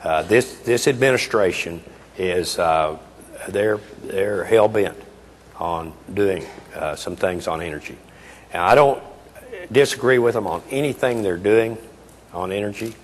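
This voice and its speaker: A man's voice: low voice, unhurried. A man in his eighties giving a keynote speech in a folksy, emphatic way with frequent hesitations. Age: 80s. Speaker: keynote speaker. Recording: reverberant hall, faint noise.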